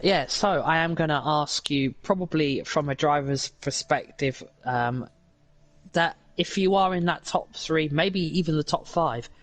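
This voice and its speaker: A man's voice: on the high side, measured pace, a bit bright, no echo, low-quality recording. A man co-commentating on an esports race, rambling through his analysis with many fillers; his stream audio sounds robotic.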